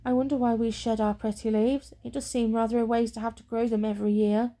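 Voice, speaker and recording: Kindly sturdy oak tree, voiced softly by a woman, whispered role-play, higher pitch. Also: little pitch movement, fast talker, natural voice. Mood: sad.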